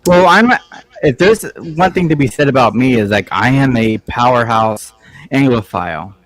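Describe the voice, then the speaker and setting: A man's voice: mid-range voice, lively intonation, moderate pace, fairly bright tone, no echo, low-quality recording. A man in a casual group chat, chatty and self-deprecating.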